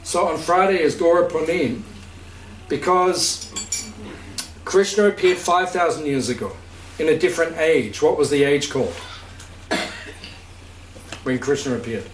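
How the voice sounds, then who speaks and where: A man's voice: a little high, measured pace, pauses often. Man teaching from across an echoey room. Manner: conversational, checks understanding with questions, laughs easily. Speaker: spiritual teacher. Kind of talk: informal talk to a gathering. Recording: echoey room, distant mic, faint hiss.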